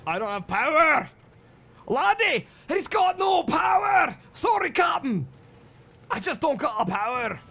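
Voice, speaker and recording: A man voicing an excitable male engineer who shouts high-pitched cheers and complaints during game livestream commentary. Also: unhurried, gravelly, heavily acted. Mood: panicked.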